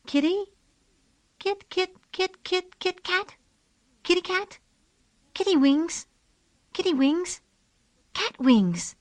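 A woman doing a soft-voiced storybook girl. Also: lively intonation, takes it slowly, pauses often, no echo, heavily acted. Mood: coaxing. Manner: soft, high coaxing voice. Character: young farm girl, gentle and earnest. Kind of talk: storybook reading.

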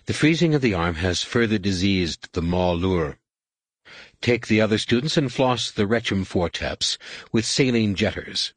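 A man voicing a weary, reserved female alien adept who speaks in brisk, formal orders in an audiobook. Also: lowish voice, animated, dry recording.

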